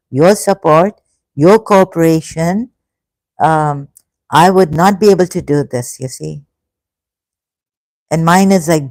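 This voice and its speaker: A woman in her fifties hosting a casual livestream, halting and hesitant, full of restarts and effusive thanks. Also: low voice, a little mellow, no echo. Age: 50s. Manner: emotional, effusively grateful. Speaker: livestream host. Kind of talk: casual livestream chat reading comments.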